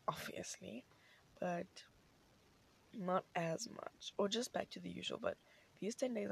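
A young woman chats loosely through her solo podcast episode, her voice scratchy and gravelly with morning fry. She rambles and restarts her sentences, full of fillers. She records from inside a parked car with a faint hiss behind her. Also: medium pitch. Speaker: podcast host. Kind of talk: casual solo podcast chat.

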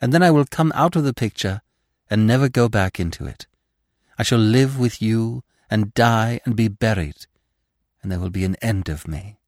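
A man's voice: lowish voice, normal speed, darkish tone, no echo, clean studio sound, natural voice. A man reading the lines of a ghostly young woman, a witch burned long ago and a devoted lover, with a tender, pleading manner. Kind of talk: dramatic audiobook reading.

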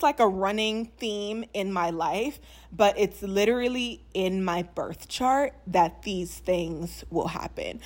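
Chatty young woman vlogging, laughs often. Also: mid-range voice. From New Orleans, USA. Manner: chatty, animated, laughs often, many fillers. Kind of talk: casual life-update chat to camera.

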